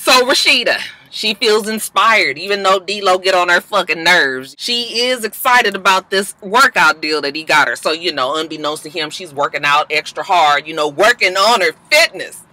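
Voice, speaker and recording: Brief: woman vlogger, very bright edgy tone, sassy and profane, gossipy recap delivery. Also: fairly low pitch, animated, moderate pace, dry recording, poor audio. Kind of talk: casual episode recap commentary.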